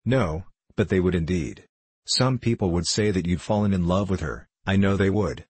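A man's voice: sits low, moderate pace, a little mellow, slightly rough, no room sound. A man reading as a fond, fretful mother. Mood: teasing. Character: fretful working-class mother, middle-aged woman.

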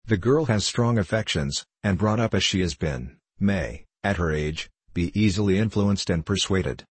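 A man voicing a scheming young man who presses his point in a slow, steady, insistent way. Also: deep voice, breathy edge, no echo.

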